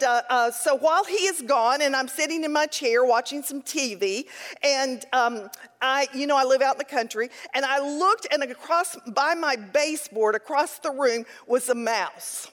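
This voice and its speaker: A woman teaching a Bible study, mixing scripture with lively, humorous personal stories. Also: high voice, moderate pace. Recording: long hall reverb.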